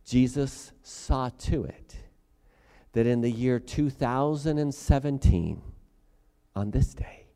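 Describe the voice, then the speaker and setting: A man preaching a sermon, reading scripture and then preaching dramatically, swinging from quiet passages to loud, forceful ones. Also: medium pitch, takes it slowly, clean tone, long reverb tail. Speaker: pastor.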